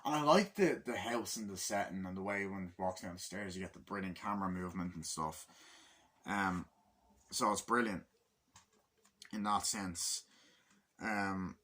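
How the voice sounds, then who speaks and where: A man's voice: lowish voice, normal speed, pauses often, bright, forceful tone. A man giving a rambling, casual film review, swearing often and acting out lines from the movie.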